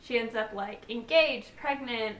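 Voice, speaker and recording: A woman's voice: fairly high pitch, unhurried, fairly bright tone. Bubbly young woman gushing about books. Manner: bubbly, gushing, rambling with fillers. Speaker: book vlogger. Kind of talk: casual book haul chat. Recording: echoey room, distant mic, faint hiss.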